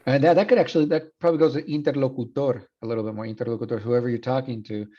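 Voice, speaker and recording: A man's voice: medium pitch, steady tone, rapid-fire, highs cut off. A man in his thirties teaching a university class, switching between Spanish and English with frequent restarts. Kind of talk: classroom lecture.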